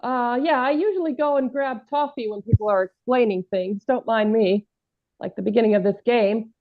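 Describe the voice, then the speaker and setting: A woman gushes over her scene partner in an online improv game. Her voice is high, and the audio sounds dull and far from the mic. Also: moderate pace. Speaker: improv performer. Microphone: video call.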